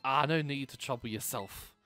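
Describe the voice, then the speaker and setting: A man's voice: medium pitch, normal speed, pushed and bright, no echo, faint music behind, lightly acted. A man reading aloud the lines of a formal, polite male academy director in a video game, in a courteous, apologetic way.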